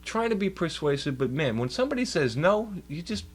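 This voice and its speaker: A man's voice: fairly high pitch, very animated, a little fast, a little hiss or hum. A young man streaming, telling a rambling, profane story in casual chat.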